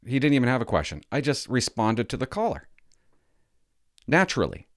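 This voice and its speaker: An older man hosting his own video channel, talking casually in a rambling, self-conscious, halting way. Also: mid-range voice, huge pitch swings, no room sound, clean studio sound. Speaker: channel host. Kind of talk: casual vlog chat.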